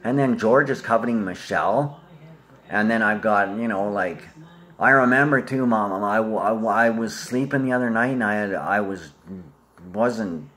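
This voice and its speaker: A man's voice: on the low side, normal speed, a bit bright. A man with an Australian accent talking in a loose, rambling monologue that jumps from topic to topic and is addressed to his family.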